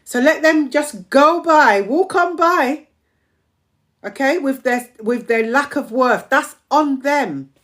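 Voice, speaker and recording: A woman's voice: high-pitched, animated, slow pace, fairly bright tone. Emphatic woman hosting an affirmation stream. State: strained voice. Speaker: community host of a live stream. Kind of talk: motivational live-stream talk.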